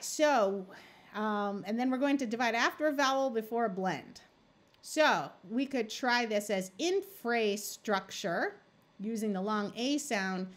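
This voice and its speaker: A woman tutor teaching a phonics lesson, explaining slowly and sounding out words syllable by syllable. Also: a little high, fairly bright tone. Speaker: reading tutor.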